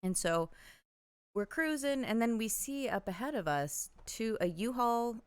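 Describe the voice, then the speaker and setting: A woman's voice: fairly high pitch, expressive, unhurried, clear, resonant tone, dry recording, clean studio sound. A woman co-hosting a podcast livestream with a stuffy nose, chatting casually and telling a story with wry, swearing humor. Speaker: podcast co-host.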